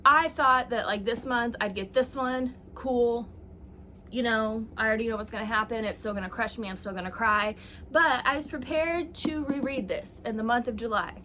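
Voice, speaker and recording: A woman's voice: fairly high pitch, normal speed, bright, forceful tone, slight background noise. A young woman talking casually on camera about her reading, chatty and self-mocking, with plenty of likes and ums. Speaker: booktuber. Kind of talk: casual chat.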